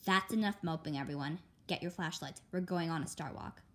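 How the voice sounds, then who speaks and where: A woman's voice: deep voice, a little fast, a bit bright. A woman voicing a tired, firm mother of two girls in a storybook read-aloud. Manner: firm, no-nonsense.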